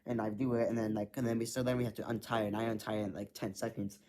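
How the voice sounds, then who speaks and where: A man's voice: fairly low pitch, level tone, racing, mellow. A man rambling through a personal story in casual chat, full of filler words and frequent swearing. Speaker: vlogger.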